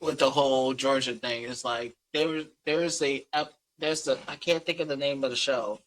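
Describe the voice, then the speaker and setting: A podcast co-host with a Philadelphia accent rants heatedly in casual chat, his medium-pitched, slightly bright voice fairly even in intonation at a normal speed. He swears a lot and keeps repeating himself, and the recording quality is low.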